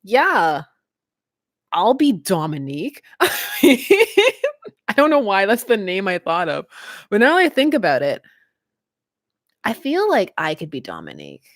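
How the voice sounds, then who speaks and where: A chatty woman hosts a casual livestream, laughing easily between thoughts. Her pitch bounces around a lot as she talks. The sound is dry and close, with no room echo. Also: huge pitch swings, unhurried, pauses often. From Canada. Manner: chatty, giggly, laughs often. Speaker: livestream host.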